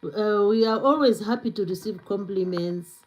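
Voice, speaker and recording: A woman runs a casual live stream, reading viewer comments aloud and talking chattily with many fillers in English marked by a non-native accent. She has a mid-range, darkish voice and keeps a moderate pace. Recording quality is low.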